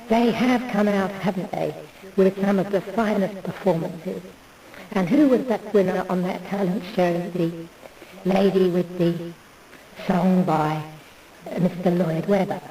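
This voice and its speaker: A woman's voice: on the low side, dark tone, distant mic, poor audio. A woman in a meandering, digressive monologue who loses her thread. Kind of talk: rambling monologue.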